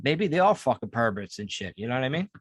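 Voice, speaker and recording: A man co-hosting a podcast, talking in casual chat and telling stories with heavy swearing and animated energy. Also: medium pitch, fast talker, husky, no room sound. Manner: profane, animated storytelling. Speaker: podcast co-host.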